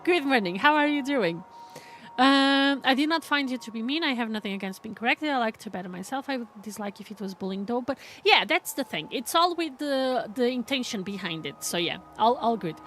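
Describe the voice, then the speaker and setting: A chatty woman talks casually to her stream audience, laughing often and answering viewers by name. Her voice sits fairly high, and a faint noise hums in the background. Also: expressive, a little fast, a bit bright. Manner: chatty, laughs often, reads chat aloud. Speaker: live streamer. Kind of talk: casual live stream chat.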